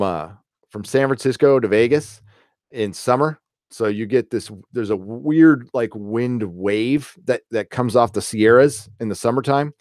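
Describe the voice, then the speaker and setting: Middle-aged male stream host, mid-pitched, chatty and profane, dry close-mic sound. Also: darkish tone, no echo. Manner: rambling, profane, laughs at own stories. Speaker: host reading live chat. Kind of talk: casual live-stream chat.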